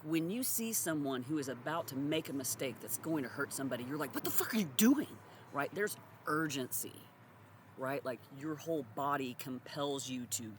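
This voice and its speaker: Against a noisy background, a deep-voiced woman delivers a blunt, sarcastic, profane monologue straight to camera. She's a social commentator addressing her audience.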